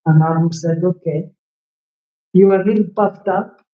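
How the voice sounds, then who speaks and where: A man's voice: high voice, normal speed. A man giving a devotional scripture lecture, telling stories and acting out the lines of the figures in them. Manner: animated storyteller acting out quoted lines. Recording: echoey room, dull lo-fi sound.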